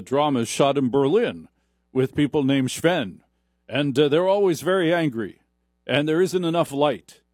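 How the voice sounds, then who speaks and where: A man's voice: mid-range voice, darkish tone, no room sound, clean studio sound. A man hosting a talk radio show, riffing sarcastically in a rambling comic monologue. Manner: sarcastic, mocks voices.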